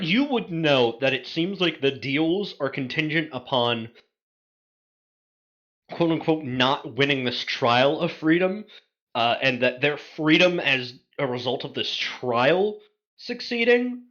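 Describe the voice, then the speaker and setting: A man acting as dungeon master for a tabletop game, his voice slightly high, bright and lively as it rises and falls. He jokes easily and keeps his players in line. The sound is dull and lo-fi, like a cheap voice chat mic. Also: measured pace.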